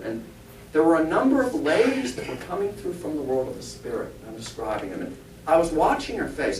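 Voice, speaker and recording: In a church hall, a spiritualist pastor and medium delivers a conversational sermon, joking and asking his congregation rhetorical questions. The recording is echoey, with a faint rumble and the mic placed far off.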